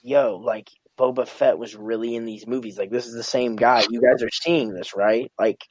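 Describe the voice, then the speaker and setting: A young man guesting on a casual podcast, excitable and slangy, with lots of "like" and "bro". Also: mid-range voice, normal speed, background noise.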